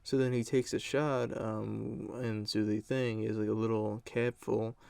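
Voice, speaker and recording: Young guy rambling through a storytime, low gravelly voice, swears a lot. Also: level tone, measured pace, warm tone, dry recording. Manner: rambling, profane, lots of fillers. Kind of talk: casual storytime.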